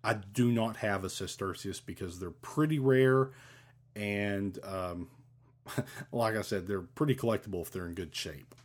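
Rambling low-voiced man explaining coins. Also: unhurried. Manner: rambling, many fillers, self-deprecating about Latin pronunciation. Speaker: coin collector explaining ancient money. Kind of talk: casual unscripted lesson.

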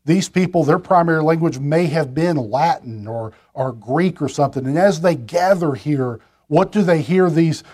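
A man's voice: a little high, moderate pace, hardly any pauses, a little mellow. A man preaching a sermon from a pulpit, talking in a conversational way with restarts and side remarks to the congregation. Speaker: pastor.

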